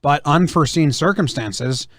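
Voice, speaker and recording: A man's voice: a little high, moderate pace, no room sound, clean studio sound. A man hosting a casual podcast, talking loosely and hedging with lots of "like". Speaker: podcast host. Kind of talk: casual chat.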